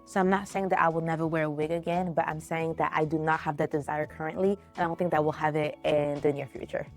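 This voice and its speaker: A woman's voice: deep voice, a little mellow. A young woman vlogger sharing an earnest, emotional faith-based story about her life, talking casually and openly to her viewers.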